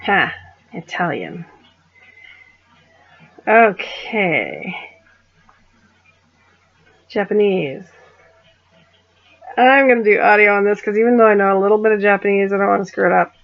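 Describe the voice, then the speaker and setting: A woman's voice: mid-range voice, lively intonation, a little slow, vocal fry, pauses often, dull audio. A woman vlogger chatting casually, giggling and apologizing as she stumbles through foreign words. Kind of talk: casual chat.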